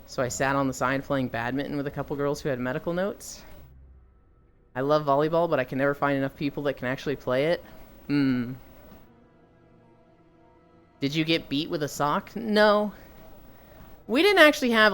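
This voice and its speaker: A woman's voice: deep voice, normal speed, pauses often, fairly bright tone. A young woman streamer telling casual stories to chat, swearing freely and acting out quoted people in raised voices. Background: faint music.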